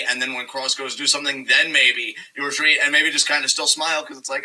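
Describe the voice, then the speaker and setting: A man co-hosting a wrestling review show, rambling in an animated way and swearing often. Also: a little high, quick pace, few pauses, low-quality recording. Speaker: podcast co-host. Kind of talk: casual wrestling review chat.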